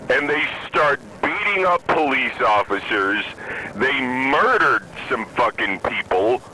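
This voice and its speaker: Slow, bright-voiced ranting man. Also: mid-range voice, lively intonation, slight background noise, poor audio. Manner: angry, profane, emphatic. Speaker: podcast host. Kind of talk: profane political rant. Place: in a moving vehicle.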